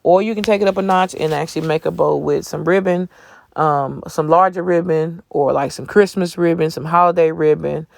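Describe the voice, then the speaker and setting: A man's voice: fairly high pitch, steady tone, moderate pace, vocal fry. A man hosting a craft tutorial in a casual voiceover recorded on his phone. He sounds sleepy and talks in a chatty, folksy way, calling the viewers y'all. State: sleepy, yawning. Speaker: craft channel host.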